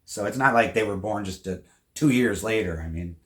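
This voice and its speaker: A man's voice: fairly low pitch, fairly quick. A man co-hosting a casual book discussion, retelling scenes in a loose, conversational way that often trails off. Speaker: podcast co-host.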